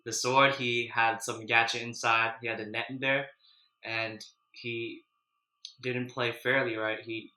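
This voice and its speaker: A man casually chatting while eating spicy noodles, clearing his throat and sniffling, then recapping an anime in a loose, rambling way. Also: medium pitch, sharp tone, echoey room, poor audio. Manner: chatty, loose, with frequent restarts and "you know". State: runny nose from spicy food, clearing throat. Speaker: mukbang vlogger.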